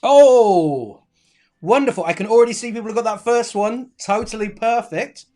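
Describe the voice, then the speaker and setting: A primary school teacher leads a live online lesson for children, her medium-pitched voice moving at a moderate pace. She keeps the encouragement flowing, reading pupils' answers aloud and heaping on praise.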